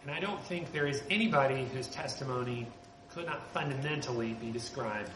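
A man's voice: mid-range voice, a little fast. A man preaching a sermon as a pastor, earnest and conversational, lifting his voice to stress key points. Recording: roomy with background noise.

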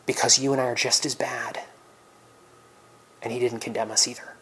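A man preaching a sermon, reading scripture loudly and then dropping to soft, near-whispered reflections. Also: medium pitch, flat delivery, moderate pace, low-quality recording.

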